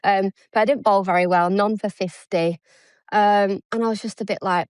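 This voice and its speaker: A woman's voice: medium pitch, fairly even intonation, normal speed, darkish tone, smooth, dry recording. A woman in her thirties from England, a former cricketer chatting as an interview guest, self-deprecating and acting out the dialogue she quotes. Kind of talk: casual interview chat.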